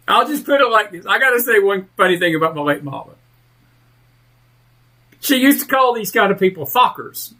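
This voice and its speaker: A male talk radio host ranting through heated political commentary, fired up and leaning hard on drawn-out emphatic words. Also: sits high, expressive, pushed and bright.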